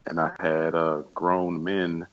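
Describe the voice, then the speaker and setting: A man on a podcast telling an animated story in a casual chat. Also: deep voice, takes it slowly, no echo, lo-fi sound. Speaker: podcast guest.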